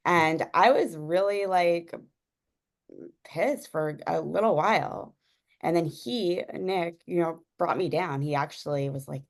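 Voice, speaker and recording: Young woman, low voice, gravelly fry, casual rambling storytelling, laughs a lot. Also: a little slow, darkish tone. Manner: rambling, many fillers, laughs often. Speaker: guest sharing a personal story.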